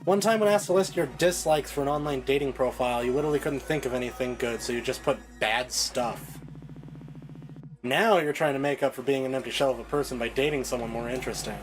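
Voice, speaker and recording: A man's voice: mid-range voice, fast talker, pitched below the performer's own voice, close to an everyday voice, poor audio. A man voicing a taunting mirror-self woman. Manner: taunting, sarcastic. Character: mocking mirror self, cruel young woman. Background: game soundtrack music.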